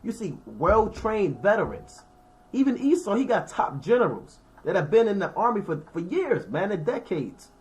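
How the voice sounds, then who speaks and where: With a high-sitting, darkish voice and a sing-song lilt, a man speaks at normal speed. He teaches scripture informally, reading verses and explaining them in everyday terms and slang while checking in with those listening.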